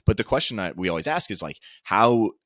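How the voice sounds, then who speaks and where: Deep-voiced male podcast host, dry close sound. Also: sing-song, rapid-fire, dry recording. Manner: conversational, asks questions and builds on the guest's points. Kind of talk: casual interview talk.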